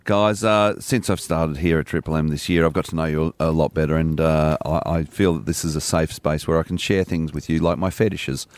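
A middle-aged Australian radio co-host with a very low, deep voice. He rambles through self-deprecating stories in loose, joking banter. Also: a little fast, few pauses, a little hiss or hum. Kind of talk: casual breakfast radio banter.

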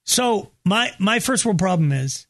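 A male radio co-host with a high voice tells a rambling story in casual banter, animated and laughing often. He slips into little impressions of other people as he goes. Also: vocal fry, husky. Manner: animated, laughing, does voices in his stories.

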